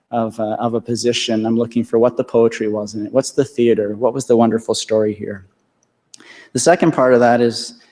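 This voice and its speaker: A man's voice: medium pitch, mellow. A man in his thirties giving a convocation address, earnest and repeating phrases for emphasis, to a large hall. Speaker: convocation speaker. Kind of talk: commencement speech. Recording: echoey hall reverb.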